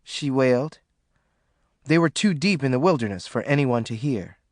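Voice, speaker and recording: A man giving steady, dramatic audiobook narration. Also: medium pitch, normal speed, dry recording, clean studio sound.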